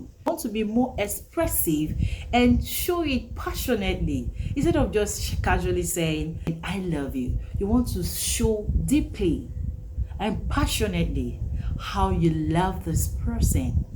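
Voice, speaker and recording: A woman teaching an English vocabulary lesson, repeating each phrase slowly and with emphasis. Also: mid-range voice, very animated, noisy background.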